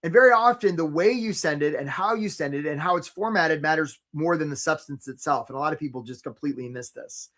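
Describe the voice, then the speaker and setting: A man hosting a live career webinar, coaching casually with jokes and giving shout-outs to viewers by name. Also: a little high, fast, hardly any pauses. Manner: energetic and joking, breaks into short mocking impressions of job seekers.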